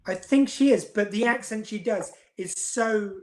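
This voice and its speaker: A woman's voice: medium pitch, a little slow. A woman from the UK co-hosting a casual chat podcast, leading the talk with questions. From United Kingdom. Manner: chatty, leads the discussion with questions. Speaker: podcast co-host.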